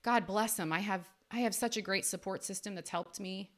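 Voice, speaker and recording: A woman podcast host and life coach giving an earnest, faith-based motivational talk, with emphatic rises in pitch. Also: moderate pace, a bit bright.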